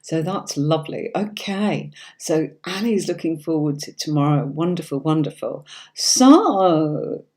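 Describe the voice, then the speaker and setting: A deep, mellow-voiced woman speaks at a moderate pace, barely pausing, as she runs a live-stream tarot reading. Originally from Yorkshire, England, she has a neutral standard British accent and keeps up a chatty, reassuring tone, frequently checking in with her audience.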